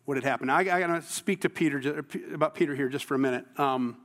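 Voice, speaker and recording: Earnest high-voiced pastor in a reverberant hall. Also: male voice, fast talker, few pauses, fairly bright tone. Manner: conversational and earnest, with restarts and emphatic bursts. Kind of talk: sermon.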